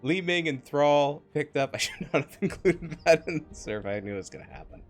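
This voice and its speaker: Upbeat male caster for a live stream match, lively and playful delivery over faint music. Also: a little high, fairly quick. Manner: animated, jokey, laughs often. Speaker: esports caster. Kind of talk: live game commentary.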